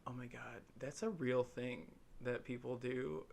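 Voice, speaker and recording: A young co-host from Illinois, USA, speaks at a measured pace in a creaky, medium-pitched voice during a casual podcast chat. He spins rambling, filler-laden stories and performs quoted lines in animated voices. Slight background noise is present.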